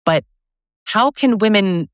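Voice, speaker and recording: A woman's voice: mid-range voice, animated, slow, no room sound, studio quality. Earnest woman podcast host asking questions. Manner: earnest, rambling questions with restarts. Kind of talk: podcast interview.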